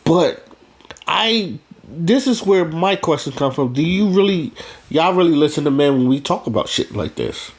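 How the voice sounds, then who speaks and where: A man's voice: on the high side, animated, moderate pace. Blunt, rambling man in a casual monologue. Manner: blunt and profane, rambling with restarts. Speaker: vlogger.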